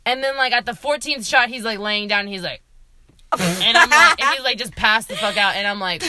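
A woman's voice: sits high, brisk, dry recording. A young woman co-hosting a podcast, telling a dating story with lots of swearing and acted-out quotes. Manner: animated, swears a lot, acts out quotes. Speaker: podcast co-host. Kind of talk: casual storytelling chat.

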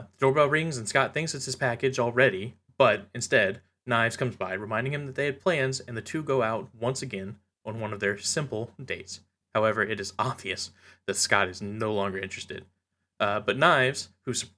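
A man's voice: fairly low pitch, bright, forceful tone. A man co-hosting a podcast, recapping a comic in loose, casual chat with lots of fillers and laughs. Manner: laughs often, loose and chatty with frequent fillers. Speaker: podcast co-host.

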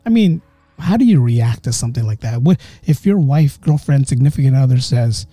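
A man hosting a podcast, telling a ghost story in a chatty way, talking straight to his listeners and slowing down for suspense. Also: mid-range voice, big pitch swings, dark tone, husky, no echo, soft background music. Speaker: podcast host.

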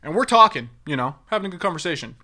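A man's voice: on the high side, big pitch swings, rapid-fire, sharp tone. A young man telling a story in casual chat, acting out what people said and swearing freely.

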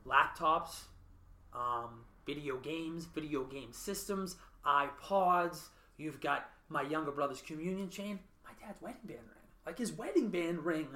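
A man's voice: fairly high pitch, a little slow, pushed and bright, echoey room. A man hosting a podcast, talking in an earnest, reflective way and often checking in with "right?". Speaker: podcast host. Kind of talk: casual interview chat.

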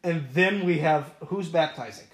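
A man's voice: on the high side, moderate pace, a bit bright. A man hosting a podcast, asking questions and giving preacherly asides in casual church talk. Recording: echoey room.

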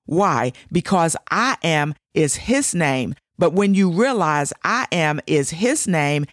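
Slow, emphatic woman preaching scripture. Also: low-pitched, animated, dry recording, studio quality. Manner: emphatic, repetitive declarations. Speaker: devotional show host. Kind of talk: scripture teaching.

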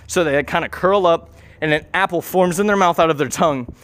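A man's voice: on the high side, a little fast, a bit bright. A young man telling a goofy, rambling improvised story, interrupting and correcting himself as he goes.

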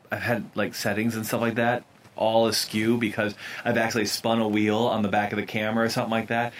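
A man's voice: lowish voice, distant mic, slight background noise. A man hosting a podcast outdoors at his house, rambling in a casual way with plenty of fillers. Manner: rambling, conversational, many fillers. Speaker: podcast host, photographer.

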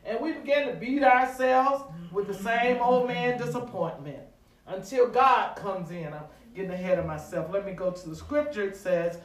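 A man preaching a sermon in a church, using call-and-response with the congregation and rising to shouts. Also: sits high, normal speed. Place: church sanctuary. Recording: echoey room, distant mic.

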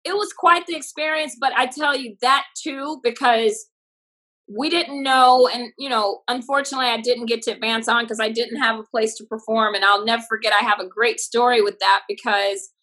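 A woman comedian from Texas telling stories in a casual interview, animated and expressive. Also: a little high, moderate pace, poor audio. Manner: animated, expressive, laughs often. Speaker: comedian guest.

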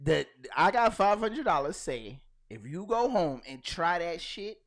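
A man co-hosting a casual podcast, his pitch swinging widely as he rants. He tells stories in a loud, profane, animated way. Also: unhurried. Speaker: podcast co-host. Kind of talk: casual banter.

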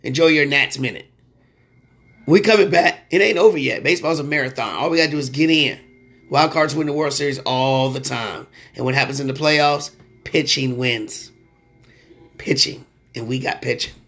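A man hosting a sports podcast in a casual, slangy way, getting loud and excited when he rants. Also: medium pitch, brisk.

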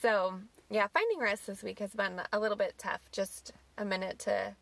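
A woman's voice: mid-range voice, fairly even intonation, normal speed, creaky, fairly bright tone. A woman co-hosting a podcast in casual chat, easygoing and reflective.

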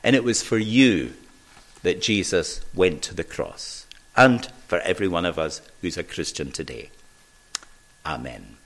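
A man preaching a sermon in a church, measured and earnest. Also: low voice, expressive, a bit bright.

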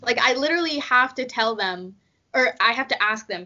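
A woman's voice: on the high side, animated, brisk, sharp tone. A young woman chatting casually on a podcast, giggly and full of fillers. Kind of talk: casual chat. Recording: dull lo-fi sound.

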